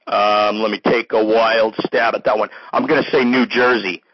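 A man's voice: on the low side, little pitch movement, normal speed. A man hosting a comedy show, swinging from bombastic proclamations to mumbled asides. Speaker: host. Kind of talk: mock-grandiose comedic monologue. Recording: dull lo-fi recording.

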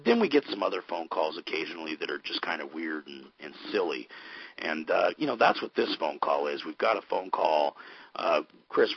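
Male radio host, very deep voice, husky, rambling casual talk, dry dull lo-fi sound. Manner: rambling, filler-heavy, gruff. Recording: dull lo-fi recording.

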